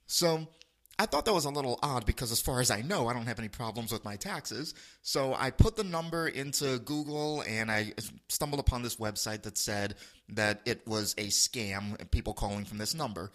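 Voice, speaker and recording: A man telling a funny story in casual chat, animated and laughing often. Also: mid-range voice, normal speed.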